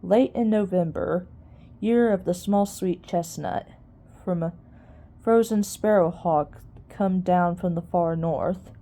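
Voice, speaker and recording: Squeaky, muttering old mouse scholar, mellow and soft, read by a woman. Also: slow pace. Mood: recounting. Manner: squeaky, barely above a whisper, muttering. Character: ancient wise old male mouse archivist.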